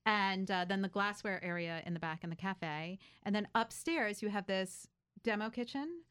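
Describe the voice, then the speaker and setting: A woman's voice: medium pitch, moderate pace, a bit bright, smooth. A woman hosting a talk show, interviewing guests in a chatty, enthusiastic way. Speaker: radio talk show host. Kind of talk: live interview chat.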